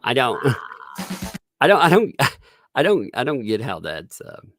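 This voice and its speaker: Livestream host, male, rambling and laughing a lot, slow and lively-pitched. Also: vocal fry, no echo, studio quality. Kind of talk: casual livestream chat.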